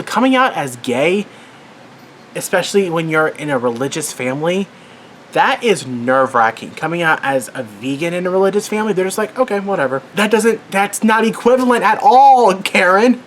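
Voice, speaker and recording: A man's voice: high voice, fairly bright tone, a little hiss or hum. A worked-up man giving an angry commentary rant as a vlogger, swearing and exasperated.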